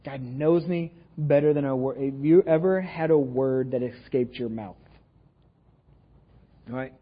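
A man's voice: mid-range voice, a little slow, breathy edge, narrow, tinny audio. A man with a Texan accent preaching a sermon in a casual, joking way, often checking in with the room. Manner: conversational, jokey, asks the room "right?" often. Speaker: pastor. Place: church sanctuary.

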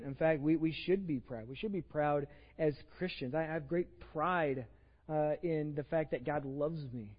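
A man with a Texan accent preaching a conversational sermon as pastor, often repeating words as he restarts. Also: on the high side. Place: church sanctuary with long reverb. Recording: dull lo-fi sermon recording in a reverberant church.

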